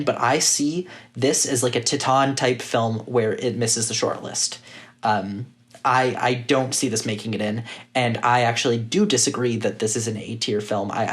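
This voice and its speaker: A man co-hosting a podcast who gives blunt, opinionated takes with some joking in casual discussion. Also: mid-range voice. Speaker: podcast co-host.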